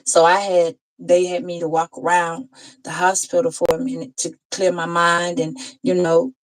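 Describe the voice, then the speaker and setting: A woman tarot reader telling an emotional personal story in a heartfelt, conversational way, pausing and restarting as she goes. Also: fairly low pitch, flat delivery, low-quality recording.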